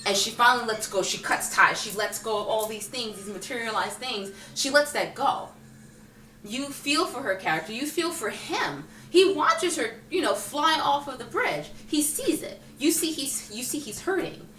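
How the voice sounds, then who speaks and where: Animated woman vlogger in an echoey room. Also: on the high side, normal speed, a little hiss or hum. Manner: animated, acts out characters' lines. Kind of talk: casual film review chat. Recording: roomy echo, distant mic, faint music.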